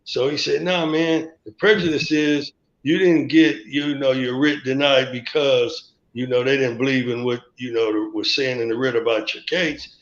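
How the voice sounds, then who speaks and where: A man's voice: mid-range voice, fairly even intonation, moderate pace. A man guest on a live stream, telling a rambling story and acting out the dialogue of other people as he goes. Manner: rambling, acts out quoted dialogue. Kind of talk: storytelling memories. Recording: echoey, dull lo-fi stream audio.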